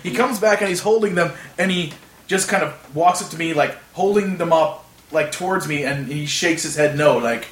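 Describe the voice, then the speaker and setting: A man's voice: fairly high pitch, moderate pace. Rambling man telling a story. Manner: rambling with many fillers, animated retelling. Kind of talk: casual storytelling chat.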